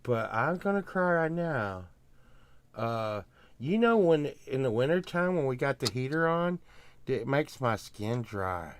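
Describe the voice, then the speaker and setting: An older man, rambling in casual chat as a podcast host, grumbling and getting loud when he rants. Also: mid-range voice, very animated, measured pace.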